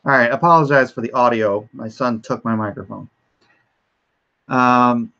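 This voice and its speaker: A man's voice: medium pitch, unhurried, creaky, pauses often, sharp tone. A middle-aged man hosting a casual livestream, rambling with fillers and restarts and reading news aloud, his voice slightly off. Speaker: host of a livestream show. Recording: dull lo-fi stream audio.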